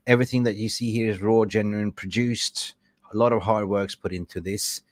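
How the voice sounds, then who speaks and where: Low-voiced man hosting a fan livestream. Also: steady tone, moderate pace, dry recording, studio quality. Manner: effusive, thanks supporters by name, shouts out; stumbles over names. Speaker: podcast host. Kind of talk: livestream fan podcast chat.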